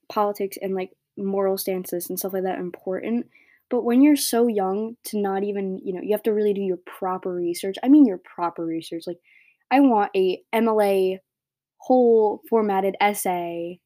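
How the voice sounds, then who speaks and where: Blunt rambling teenage girl, mellow voice. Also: medium pitch, no room sound, clean studio sound. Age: teens. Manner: blunt, rambling, heavy filler words. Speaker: podcast host. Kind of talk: solo opinion rant.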